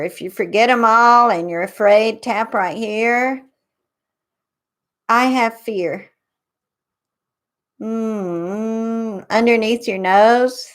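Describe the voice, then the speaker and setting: A woman hosting a psychic advice show, guiding listeners through a tapping meditation with slow, soothing instructions. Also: a little high, a bit bright.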